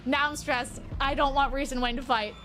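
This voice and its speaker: A woman streaming a horror game, reading its text and reacting loudly, swearing and shrieking at scares. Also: high voice, steady tone, normal speed. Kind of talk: live game playthrough commentary. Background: game music.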